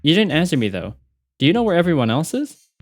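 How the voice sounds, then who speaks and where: A man's voice: a little high, sing-song, quick pace, dry recording, soft background music, pitched above the performer's own voice. A man reading game dialogue aloud, voicing an impatient, dry veteran crew member.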